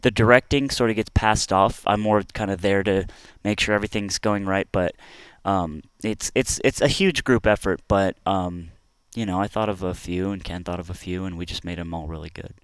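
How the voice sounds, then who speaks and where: A man's voice: low-pitched, moderate pace, hardly any pauses, smooth, no echo. A young man co-hosting a casual podcast, reading out chat questions, swearing and laughing often. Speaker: podcast co-host.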